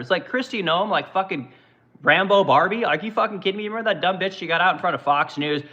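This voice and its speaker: A man's voice: high voice, quick pace, pushed and bright, dull audio. A man in his forties from Oregon hosting a livestream, ranting in casual, profane commentary. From Oregon, USA. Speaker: livestream host and business owner.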